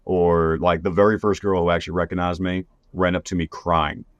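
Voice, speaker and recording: A man's voice: deep voice, flat delivery, a little fast, no echo, muffled recording. A man hosting a podcast, talking in a laid-back way, swearing freely and voicing the quotes. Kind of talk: casual podcast chat.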